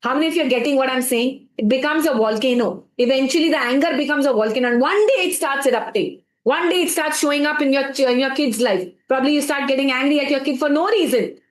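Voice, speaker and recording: High-voiced Indian woman coaching a live stream. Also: fast talker, few pauses, echoey room, low-quality recording. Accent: Indian English. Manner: asks the chat for replies over and over; mixes English with Hindi phrases. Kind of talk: motivational live stream talk.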